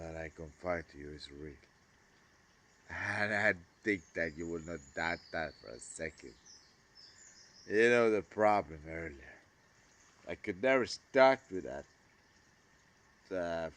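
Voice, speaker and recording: Grieving man rambling, slow and mournful. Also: sits low. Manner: grieving, rambling, swearing, swings from loud outbursts to near whispers. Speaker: vlogger. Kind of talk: emotional personal monologue.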